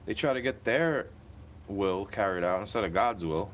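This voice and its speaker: A man's voice: on the low side, lively intonation, a little hiss or hum. A young man ranting in a casual, profane, rambling monologue while sitting in a car. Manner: agitated, profane, rambling and rapid-fire.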